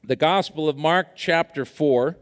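Male pastor, sermon, animated storyteller, high voice, long hall reverb. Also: a little slow. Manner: animated storytelling with many fillers.

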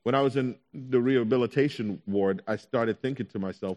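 Animated man preaching a personal testimony. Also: medium pitch, a little fast. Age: young adult. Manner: animated storytelling, acts out his own anxious thoughts in quotes. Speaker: pastor. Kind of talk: sermon testimony.

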